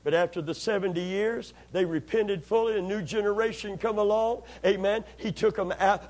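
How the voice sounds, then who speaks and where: A man preaching a sermon, calling for amens, swinging from steady teaching into impassioned shouting. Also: sits high. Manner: call-and-response, rising to impassioned shouting.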